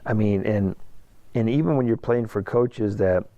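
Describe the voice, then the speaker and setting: A middle-aged basketball coach from Ohio tells his story in a loose, rambling way, full of fillers and restarts. His voice is low and gravelly. The recording is dry, with no room sound. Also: moderate pace, mellow, no echo, highs cut off. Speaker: high school basketball coach, guest. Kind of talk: casual storytelling interview.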